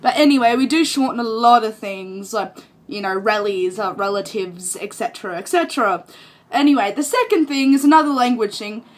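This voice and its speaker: Her voice a little high and her pace fairly quick, the young Australian vlogger rambles casually to camera with an Australian accent. She's chatty and self-amused, often laughing at herself.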